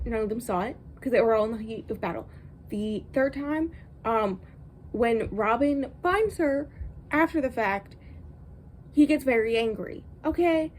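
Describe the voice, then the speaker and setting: A woman vlogger pours out a casual, exasperated rant about a book she disliked. Her voice sits a little on the high side, and she keeps going in an animated way with lots of ums and likes. A faint hum of room sound lies underneath. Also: poor audio. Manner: exasperated, animated ranting with many fillers.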